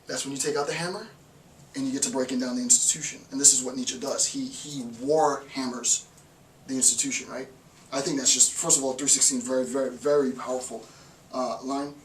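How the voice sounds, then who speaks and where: A male professor giving an emphatic, animated philosophy lecture, repeating lines for effect. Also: medium pitch, a little fast. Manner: emphatic, repetitive, animated, with laughs. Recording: roomy, distant mic, faint noise.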